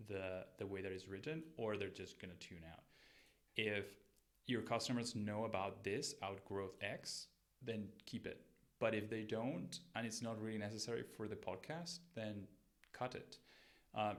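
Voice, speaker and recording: A man hosting a show where he reviews listeners' podcasts, giving friendly and direct coaching advice in a casual way. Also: fairly low pitch.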